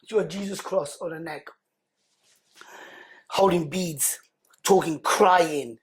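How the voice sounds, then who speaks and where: A man, a podcast guest telling personal stories in an animated way and acting out what other people said. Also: on the high side, takes it slowly, a little hiss or hum. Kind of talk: emotional storytelling in conversation.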